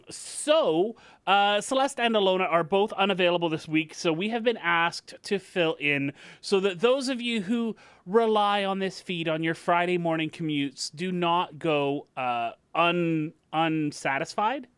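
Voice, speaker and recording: A man's voice: sits high, measured pace, few pauses, fairly bright tone, clean tone, no room sound. A man hosting a gaming podcast in casual, self-deprecating chat, laughing often. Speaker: podcast host.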